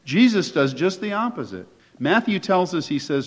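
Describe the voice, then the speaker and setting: A man's voice: sits high, very animated, normal speed, husky. A man preaching a sermon as pastor, conversational and emphatic, posing rhetorical questions to his listeners. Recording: echoey hall, dull lo-fi sound.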